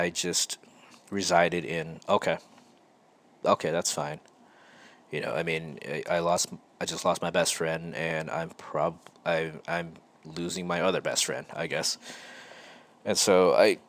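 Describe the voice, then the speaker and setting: A man hosting his own show, telling a personal story in a slow, halting and reflective way with frequent pauses. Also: low-pitched, a bit bright. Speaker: podcast host.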